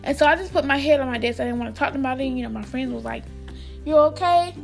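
A young American woman tells a school story straight to her viewers in a casual, rambling way. Her voice sits high and she keeps restarting her sentences. Faint music plays underneath. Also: very fast, gravelly. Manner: rambling, animated, many fillers and restarts. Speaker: vlogger.

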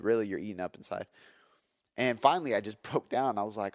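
A man in his thirties hosting his own podcast, telling a personal story in an energetic, emphatic way, with fillers and some swearing. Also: lowish voice, fast, dry recording, clean studio sound. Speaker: podcast host. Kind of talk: candid storytelling.

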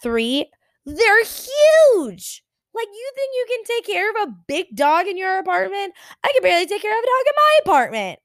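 A woman in her twenties telling a story in an animated, exasperated way. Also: very high-pitched, normal speed, no room sound. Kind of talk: storytime vlog.

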